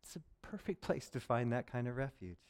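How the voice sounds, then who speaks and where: A man preaching a sermon as a pastor, passionate and swinging between loud urgency and quiet intimacy. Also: medium pitch, very animated, a little fast.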